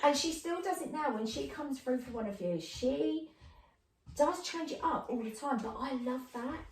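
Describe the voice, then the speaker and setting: A woman clairvoyant medium chatting as a guest, telling stories in an animated, earthy way. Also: high voice, moderate pace. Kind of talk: casual chat. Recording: roomy, distant mic with faint noise.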